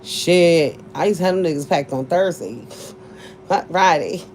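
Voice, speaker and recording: A woman's voice: on the low side, unhurried, darkish tone, a little hiss or hum. A woman in her forties telling a casual story to her viewers, blunt and profane, laughing often as she talks. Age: 40s. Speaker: vlogger.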